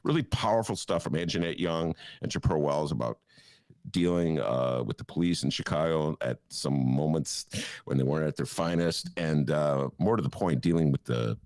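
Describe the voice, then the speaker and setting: A man's voice: moderate pace, darkish tone, no echo, clean studio sound. A middle-aged man co-hosting a podcast in casual chat, rambling with lots of fillers and chuckles. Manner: rambling, full of fillers and chuckles, given to sudden jumps in pitch. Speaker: podcast co-host.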